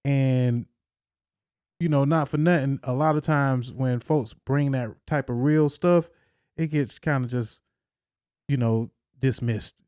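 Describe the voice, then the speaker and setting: Man, podcast co-host, hesitant chatty questions, clear voice, dry close sound. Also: mid-range voice, slow, a little mellow, no echo. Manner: hesitant, many ums, reflective. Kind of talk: casual interview chat.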